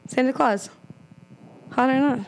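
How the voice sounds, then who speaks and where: Slow-talking giggly woman hosting a chat. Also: high voice, gravelly, rough recording. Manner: giggly, teasing, swears casually. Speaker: podcast host. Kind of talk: casual group chat.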